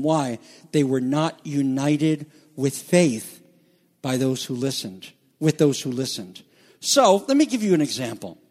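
Animated preaching man, fairly high voice. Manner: preaching with rising, animated emphasis and hushed low passages. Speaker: pastor. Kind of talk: sermon.

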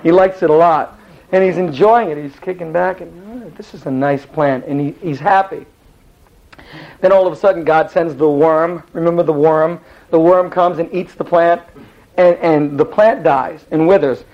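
A man teaching a Bible story in a lively, rambling way, often restarting his sentences. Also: a little high, normal speed, dull audio. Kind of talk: animated Bible storytelling lesson.

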